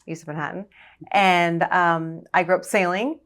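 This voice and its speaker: A woman from Long Island, a surgeon, telling her story in a casual interview with a brisk, confident manner. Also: on the low side, steady tone, fairly bright tone. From Long Island, New York. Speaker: guest, surgeon.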